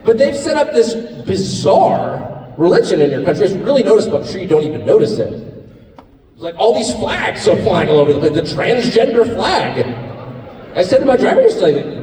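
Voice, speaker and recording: A middle-aged American man giving a live speech at an event, speaking in a sarcastic, mocking, animated way. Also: high voice, moderate pace, slight background noise. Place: large hall with live audience. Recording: echoey hall recorded from far off in audience.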